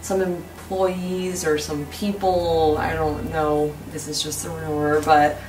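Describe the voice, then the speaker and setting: A woman vlogger telling a rumored ghost story in an old house at night, in casual, excited chat. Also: low voice, slow pace, slight background noise. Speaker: paranormal vlogger. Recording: roomy sound from a distance.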